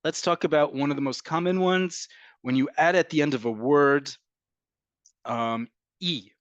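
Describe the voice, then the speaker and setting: A man teaching an online class, patiently explaining and slowly repeating words to model how they sound. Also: fairly high pitch, clean tone, no room sound, lo-fi sound. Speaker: Hebrew teacher.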